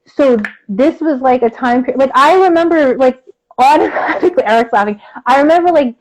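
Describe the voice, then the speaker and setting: A lively woman co-host tells a story in relaxed conversation. Her voice sits a little high, and she slips into the voices of the people in her tale, filling gaps with casual fillers. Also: fairly quick, rough recording.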